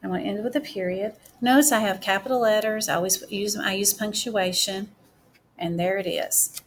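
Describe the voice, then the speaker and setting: A woman teacher giving a recorded writing mini-lesson, explaining step by step and slowing down to dictate as she writes. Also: medium pitch, steady tone, a little hiss or hum. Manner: slow, deliberate dictation while writing.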